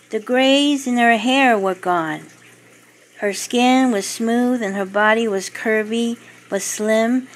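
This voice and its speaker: A woman narrating her own short story in an even, steady reading voice. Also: on the high side, poor audio. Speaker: author and narrator.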